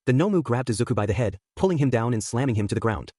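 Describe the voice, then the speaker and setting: A man narrating a fan fiction story aloud in a brisk, expressive way. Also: medium pitch, no room sound, clean studio sound.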